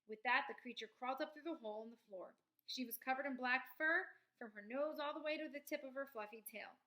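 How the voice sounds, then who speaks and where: Bright-voiced woman reading a storybook. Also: high-pitched, fairly quick, hardly any pauses, low-quality recording. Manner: expressive, with small slips. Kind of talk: reading a children's book aloud.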